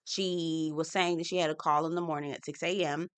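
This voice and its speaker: A woman's voice: low voice, steady tone, a little fast, clear, resonant tone. A young adult woman chatting casually as a YouTuber, giving a sassy recap of a reality TV show and repeatedly asking viewers to comment.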